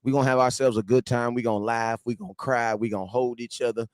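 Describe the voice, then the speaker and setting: A man's voice: medium pitch, steady tone, quick pace, a little mellow, no room sound. A man in his thirties hosting a casual livestream fan show, joking and bantering with viewers in slangy, repetitive talk.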